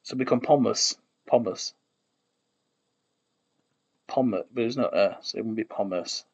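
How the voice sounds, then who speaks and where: Over the sound of keyboard clicks and typing, a man streams from his desk while working on an invented language. He mutters and thinks out loud, trailing off and correcting himself, in a fairly low voice at normal speed.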